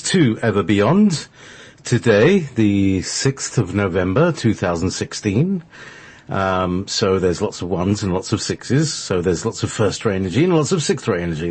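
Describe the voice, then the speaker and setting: A man's voice: sits low, darkish tone, husky. A man from Scotland hosting a spiritual internet radio show, chatting casually and rambling with many fillers and restarts. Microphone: online call.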